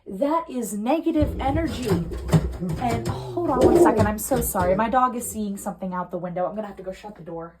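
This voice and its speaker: A young adult woman giving a pick-a-card tarot reading at home, earnest and emotional, swinging from soft to heated. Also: mid-range voice, a little fast, noisy background. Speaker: tarot reader. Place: home room.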